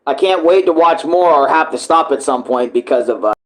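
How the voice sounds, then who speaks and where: A man's voice: a little high, lively intonation, brisk. A man hosting a live reaction video, talking loosely and emphatically with plenty of swearing. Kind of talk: casual live reaction commentary.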